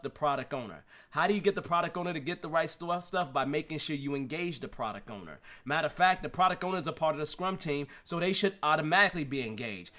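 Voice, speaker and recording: A man's voice: on the high side, bright, forceful tone. A man hosting a live streamed talk show, talking animatedly about his work with rhetorical questions and frequent laughs. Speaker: show host and Scrum trainer.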